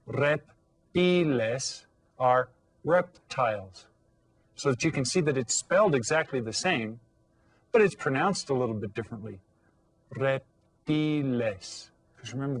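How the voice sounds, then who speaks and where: A male elementary Spanish teacher giving a video lesson to children. He repeats each word slowly, checks that they follow along, and calls out lively classroom commands. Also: medium pitch, breathy edge, no room sound. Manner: patient, repeats words slowly and checks understanding.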